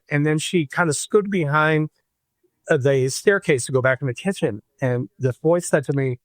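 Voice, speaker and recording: Man from Michigan, podcast guest, slightly high voice, lively storytelling, dry close sound. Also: a little fast, dry recording. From Michigan, USA. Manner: animated storyteller, acts out the voices he quotes. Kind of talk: personal storytelling in a podcast interview.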